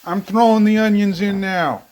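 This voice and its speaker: A man's voice: high voice, steady tone, normal speed, a little mellow. Rambling, swearing man cooking at home. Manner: rambling, profane, joking asides to the camera. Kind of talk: casual cooking vlog. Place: home kitchen.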